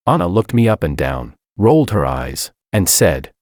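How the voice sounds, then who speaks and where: A man narrating a first-person story in an even, wry tone. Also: deep voice, moderate pace, hardly any pauses, dry recording, clean studio sound.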